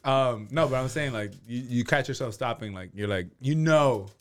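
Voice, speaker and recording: Young man, casual chat, fillers, laughing, mid-pitched voice. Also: moderate pace. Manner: probing questions, filler-heavy, laughs often. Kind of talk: casual crude banter.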